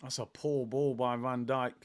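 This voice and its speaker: A man hosting a live football watchalong, chatty and excitable as he reacts to the match and the chat. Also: mid-range voice, unhurried. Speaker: watchalong host.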